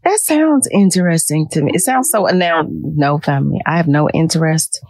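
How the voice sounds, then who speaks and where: Woman radio host, dry close sound, animated and emotional, laughs a lot. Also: low-pitched, normal speed, no room sound. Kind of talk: radio talk show interview.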